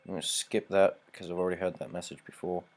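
A man from Canada narrates his gameplay in a lowish voice, mocking the game with dry sarcasm. He swears freely and breaks into frustrated yelling. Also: level tone, fast talker. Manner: sarcastic, profane, shouts when frustrated. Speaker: let's play host. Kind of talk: gameplay commentary.

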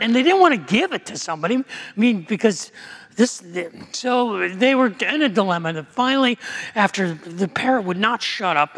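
A man's voice: high voice, fairly bright tone. A male pastor preaching a sermon in a conversational storytelling way, with frequent restarts. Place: church sanctuary. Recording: long church reverb.

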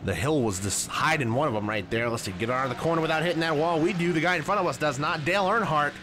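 A man commentating his own racing game play in a casual, excitable way, with sudden loud yelps at crashes. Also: on the high side, fast talker. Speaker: gaming channel host. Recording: noisy game audio underneath.

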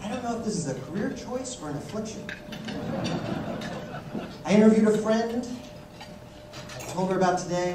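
A stand-up comic with a high voice and lively intonation speaks briskly but with long pauses, mock-accusing and teasing his audience. He's in a large conference hall, and the distant-mic recording is noisy and full of echo.

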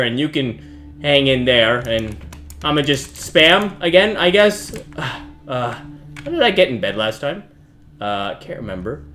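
A young man giving jokey, self-mocking let's play commentary that bursts into yelling when he is startled. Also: medium pitch. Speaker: gaming youtuber.

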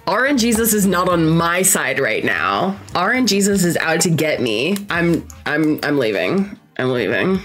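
A woman's voice: fairly low pitch, a bit bright. A young woman giving casual, chatty commentary over her own gameplay, reacting and laughing often. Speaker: gaming streamer. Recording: faint game music behind.

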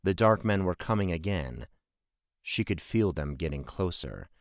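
A man narrating a fantasy audiobook in a measured, steady way. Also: sits low, no echo, studio quality. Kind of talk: scripted narration.

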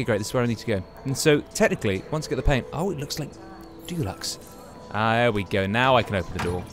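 A man talking his way through a video game with chatty, musing commentary. His pitch rises and falls a great deal, and he keeps breaking into exclamations. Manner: chatty, exclaims and muses aloud while playing. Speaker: gaming YouTuber. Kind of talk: casual gameplay commentary.

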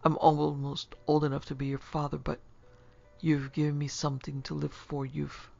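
A narrator voicing a wounded middle-aged man with a hoarse, croaking voice, in a dull lo-fi recording. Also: on the high side, completely flat delivery, normal speed, dark tone, faint music behind. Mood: weak.

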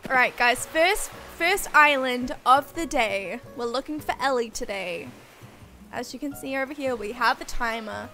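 A woman's voice: high-pitched, measured pace, pushed and bright. A young woman, chatting casually on a game livestream and gasping and squealing at each new reveal. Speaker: streamer. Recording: game music playing behind.

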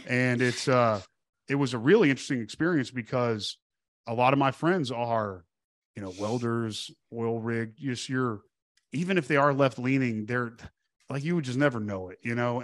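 A man's voice: mid-range voice, no echo. A middle-aged man from Texas, a podcast guest telling casual stories, swearing freely, stumbling over restarts and acting out the people he quotes. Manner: profane, animated, acts out quoted voices with restarts. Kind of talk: casual conversational storytelling.

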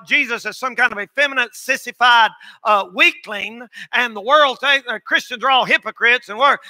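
High, bright-voiced shouting preacher. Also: male voice, no echo. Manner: folksy, emphatic, often shouting. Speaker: pastor. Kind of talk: sermon. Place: church.

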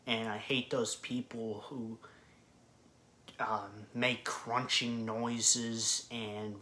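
A man's voice: lowish voice, level tone, takes it slowly, bright, forceful tone. A man doing a casual eating vlog, talking bluntly and swearing freely as he complains. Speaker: food vlogger. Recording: echoey room with faint background noise.

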